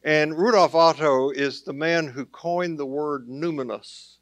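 A male pastor delivers a sermon in a relaxed, conversational way, turning to the listeners with casual asides. His voice sits a little higher than most men's. The sound is close and dry, with no room echo. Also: measured pace. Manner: conversational preaching with plain asides.

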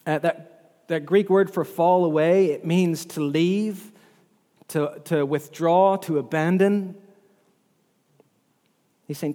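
A man's voice: on the high side, fairly even intonation, slow, long pauses, mellow. A man preaching a sermon as pastor, earnest and often repeating words as he works through scripture. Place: church hall. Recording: long hall reverb.

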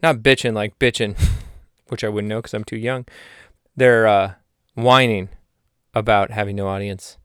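A man hosting his podcast in a rambling, self-mocking comedic monologue with deadpan asides. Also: lowish voice, unhurried, clean tone, no room sound, studio quality. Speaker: podcast host.

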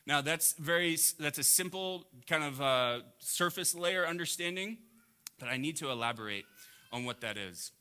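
A man preaching a sermon to a congregation, swinging between loud emphatic peaks and quiet low asides. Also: animated, normal speed, clean tone. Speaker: pastor.

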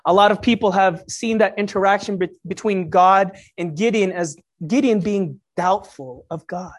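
Animated, conversational preacher. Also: medium pitch, moderate pace, few pauses. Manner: conversational, with jokey asides to the congregation. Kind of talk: sermon.

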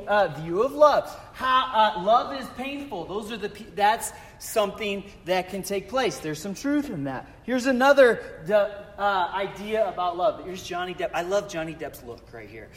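A man's voice: high-pitched, lively intonation, normal speed, a bit bright, long reverb tail. A man preaching a casual sermon as pastor in a church, chatty and joking, with self-deprecating asides. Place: church sanctuary.

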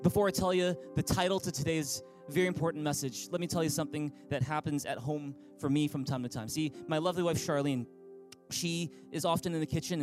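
A male pastor with a high, bright-sounding speaking voice delivers an upbeat, inviting sermon to an online congregation. He leads listeners to repeat lines back to him, with music clearly playing beneath his voice. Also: low-quality recording. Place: church service streamed online.

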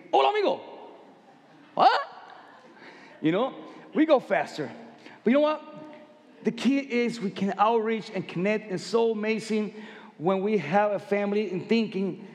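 A man preaching a sermon in broken English, emphatic and swinging from soft asides to loud exclamations. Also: sits high, long reverb tail. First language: Spanish.

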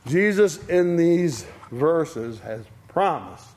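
A man preaching a sermon, slow and deliberate, with long pauses between short phrases. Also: a little high, expressive, a little mellow.

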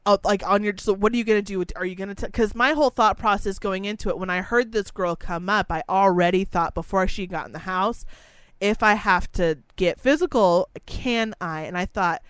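A young woman tells a story in loose, casual chat, blunt and full of swearing. Her voice is smooth and clear. It sits dry and close to the mic. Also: medium pitch, a little fast, no echo. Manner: profane, blunt, animated.

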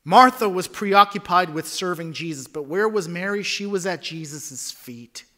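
A man, a pastor, preaching a sermon, swinging from hushed near-whispers to loud emphatic lines. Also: sits high, moderate pace.

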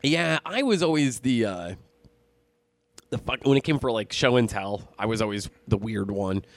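A man's voice: lowish voice, normal speed, dry recording. A man in his thirties, a bit tipsy, telling rambling, profane stories in a casual chat. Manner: rambling, profane, animated storytelling. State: tipsy from drinking.

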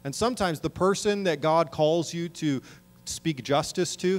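A man's voice: a little high, measured pace. Earnest male pastor preaching a sermon. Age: middle-aged. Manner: earnest preaching, rising to emphatic calls.

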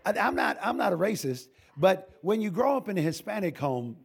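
A man's voice: sits high, big pitch swings, brisk, vocal fry, breathy edge. An older man, a pastor, giving an informal sermon full of humorous stories, folksy and joking, with frequent restarts.

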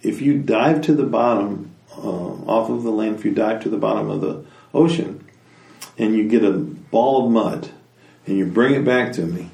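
A man voicing a calm, wise creator spirit in a told origin story. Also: on the low side, gravelly. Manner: calm, unhurried. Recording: roomy, from a distance.

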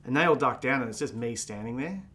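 A man's voice: mid-range voice, expressive, fast, bright, forceful tone, slight background noise. A man with an Australian accent, rambling through anecdotes with many fillers and restarts in casual conversation.

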